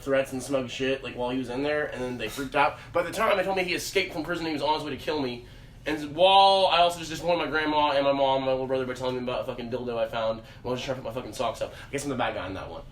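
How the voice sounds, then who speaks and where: Fast-talking young man telling a rambling story. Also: medium pitch. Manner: rambling, profane, animated storyteller. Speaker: podcast host. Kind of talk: casual storytelling. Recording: roomy room, distant mic, faint background hum.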